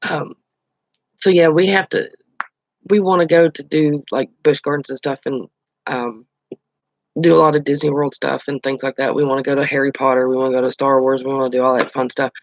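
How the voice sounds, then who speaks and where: A man's voice: medium pitch, fairly even intonation, fairly quick, dry recording, lo-fi sound. A man hosting his own channel, chatting casually on a live stream, telling stories and answering viewer comments. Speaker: channel host.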